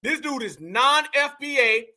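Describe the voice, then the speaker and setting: Male host, sharp and piercing, preachy and scornful, talks to viewers as family. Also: very high voice, expressive, takes it slowly. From Georgia, US. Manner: combative, mocking, preachy, addresses viewers as family. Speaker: commentary channel host. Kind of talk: reaction commentary.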